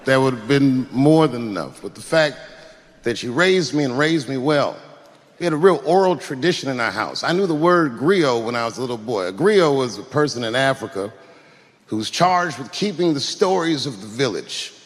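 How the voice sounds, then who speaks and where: A man's voice: medium pitch, expressive, moderate pace. A man on stage, reflective, speaking directly to his mother about his upbringing. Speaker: comedian. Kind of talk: heartfelt stage speech. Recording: live venue with long reverb.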